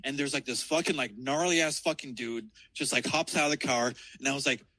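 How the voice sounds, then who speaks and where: A man's voice: medium pitch, fairly quick, sharp tone, dry recording, poor audio. A man telling a rambling story in casual chat, swearing heavily and restarting his sentences.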